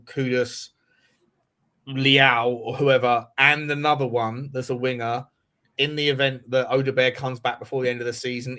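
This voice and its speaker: A man hosting a casual football fan chat, animated and talking over others, swearing freely. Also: medium pitch. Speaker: host.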